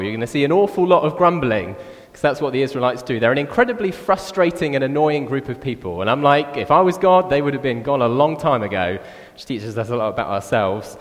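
A man preaching a sermon in a relaxed, chatty way, often saying "like" and "actually". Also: mid-range voice. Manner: conversational, animated, with frequent "like" and "actually". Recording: reverberant church hall.

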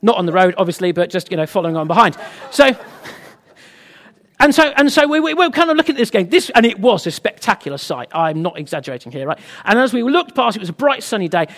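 A man's voice: sits high, fairly bright tone. A British man preaching a sermon, telling a humorous personal story to the congregation in a chatty way. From Britain. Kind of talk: sermon with anecdote.

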